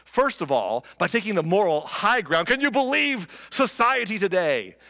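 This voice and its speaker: A man preaching in a casual, wry tone that sounds like storytelling, with a somewhat high voice. His words carry a long reverb, as in a big sanctuary. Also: sing-song, moderate pace, gravelly, pushed and bright. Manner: conversational, wry, acts out the characters. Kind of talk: sermon retelling scripture. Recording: long reverb of a large room.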